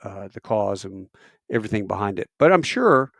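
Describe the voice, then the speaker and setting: A man working airline crew tells stories casually on a live stream via a camera mic, rambling with lots of fillers and restarts. His fairly low voice is gravelly, sing-song and fairly bright in tone, moving at a moderate pace, with clean studio sound and no echo.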